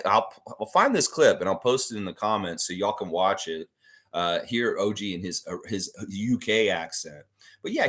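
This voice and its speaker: Casual rambling male livestream host. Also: deep voice. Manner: rambling, relaxed, reads viewer comments aloud.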